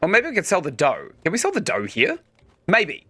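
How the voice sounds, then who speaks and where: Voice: mid-range voice, wildly swooping pitch, brisk, pushed and bright, husky. A game streamer giving casual let's-play commentary, chatting and explaining mechanics while playing.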